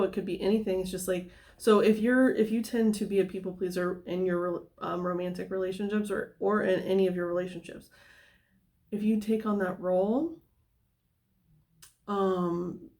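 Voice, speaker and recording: A woman's voice: medium pitch, a little mellow. A woman giving a casual tarot reading, talking in a loose, rambling way full of fillers and tangents. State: somewhat out of breath. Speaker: tarot reader.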